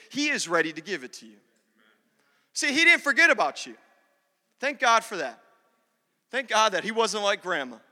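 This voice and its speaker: A man with a high, very bright and sharp voice preaches in a church, mixing humor into his sermon and calling out to the congregation. His words ring out with a long reverb through the hall. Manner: humorous, talks directly to the congregation. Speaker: pastor. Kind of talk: sermon with personal storytelling.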